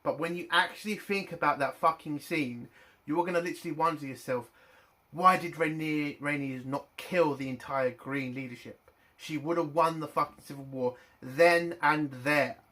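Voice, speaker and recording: A man angrily ranting in a TV review vlog, swearing heavily and breaking into loud indignant bursts. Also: a little high, moderate pace. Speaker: TV review vlogger.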